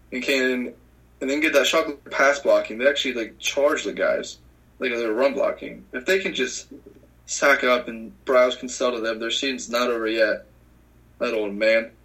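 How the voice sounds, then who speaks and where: A man's voice: mid-range voice, steady tone, moderate pace, fairly bright tone, poor audio. A man hosting a casual sports picks chat. He rambles, restarts his sentences and chuckles as he talks. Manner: rambling, self-correcting, chuckling. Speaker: podcast host.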